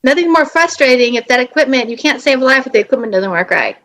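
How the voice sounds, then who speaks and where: A woman's voice: high voice, animated, fast, crowd noise, low-quality recording. A woman hosting a podcast interview, effusive and emotional as she praises her guests. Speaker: podcast host.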